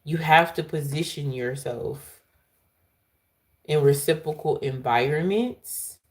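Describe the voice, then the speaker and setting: A woman giving a live tarot reading to her viewers, excitable and laughing loudly as she calls out to them. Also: low voice, takes it slowly. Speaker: tarot reader.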